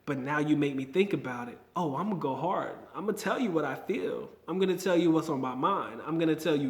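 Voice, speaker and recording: A man's voice: on the high side, quick pace, few pauses. A man vlogging casually to camera, slangy and emphatic, repeating his points for effect. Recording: roomy echo.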